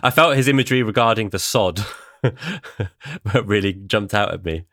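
Teasing low-voiced man in casual chat. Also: expressive, measured pace, a bit bright, no room sound, clean studio sound. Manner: teasing, laughs easily. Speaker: podcast co-host.

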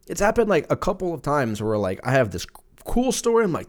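Male, 30s, podcast host; rambling, cursing, animated delivery. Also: a little high, quick pace. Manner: profane, rambling, jokey, puts on silly voices for quotes. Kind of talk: casual solo podcast rant.

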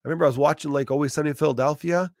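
A man's voice: fairly high pitch, fairly even intonation, rapid-fire, darkish tone, dry recording, clean studio sound. A man in his thirties with a profane, rambling style in a casual comedic monologue.

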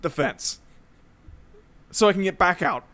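A man's voice: high-pitched, unhurried, sharp tone. A man co-hosting a casual chat, skeptical and firing off questions.

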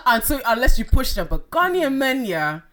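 A young woman co-hosting a casual true-crime chat, animated and laughing, acting out what others said. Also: high voice, normal speed. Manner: animated, acts out quotes, laughs a lot. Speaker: podcast co-host.

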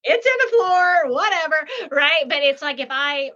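A woman's voice: high voice, moderate pace, few pauses, pushed and bright. A woman hosting a podcast, reflecting back and validating what her guest has said in a conversational way. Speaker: podcast host. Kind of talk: conversational interview. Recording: dull lo-fi sound.

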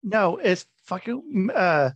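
Slow-talking podcast host, dry mic. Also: medium pitch, sing-song, slightly rough, no echo, muffled recording. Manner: brief agreeing interjections. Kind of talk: casual podcast chat.

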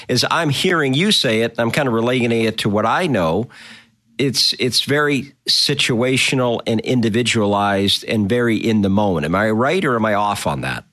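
A man's voice: mid-range voice, fairly bright tone. A man hosting a conversational interview, thinking aloud and rephrasing what his guest says. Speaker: interview host.

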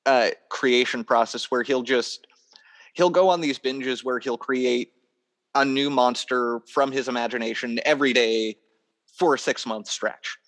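A toy maker talking easily in a relaxed podcast conversation, his delivery animated and a little theatrical from years on stage. He is a man of middle pitch and an everyday, conversational tone. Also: unhurried. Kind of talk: casual podcast interview.

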